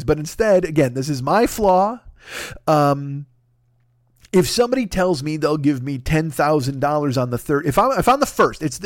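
A man hosting a podcast, telling a self-deprecating comic story in an animated, profane way. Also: on the high side, no room sound, clean studio sound. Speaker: podcast host. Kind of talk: comedic storytelling monologue.

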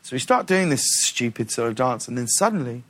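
A man's voice: mid-range voice, brisk. A man, a talk show guest telling a story with lots of restarts in a television studio. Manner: lively anecdotal telling with restarts and acted-out quotes. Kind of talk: animated storytelling in a studio interview.

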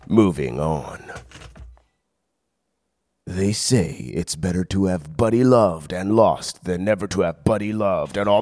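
A man's voice: sits low, unhurried, darkish tone, slight background noise. A man reading a movie trailer voice-over who keeps breaking into exasperated, shrieking rants. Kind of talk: comic trailer voice-over rant.

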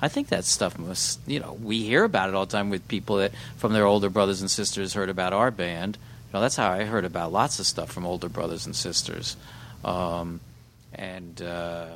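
A man's voice: sits low, moderate pace, fairly bright tone, slight background noise. A man, a band member guest, talking easygoing in casual chat.

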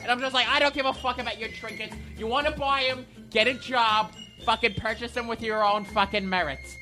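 Woman doing a swearing, bright-voiced hothead guy. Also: fairly high pitch, fairly even intonation, fairly quick, soft background music. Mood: ranting. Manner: constant swearing, ranting, manic laughter. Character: foul-mouthed hotheaded man, self-declared psychopath. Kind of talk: comedy character monologue.

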